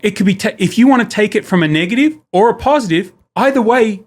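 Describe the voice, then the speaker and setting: Back for another podcast appearance, a male guest chats casually, cracking jokes and walking through examples with shifting emphasis. He talks at a quick pace in a high voice with lively intonation.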